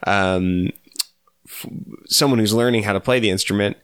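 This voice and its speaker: A man co-hosting a podcast in casual chat, laid-back and chuckling, often pausing with fillers. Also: on the low side, fairly bright tone, clean tone, no room sound, studio quality. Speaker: podcast co-host.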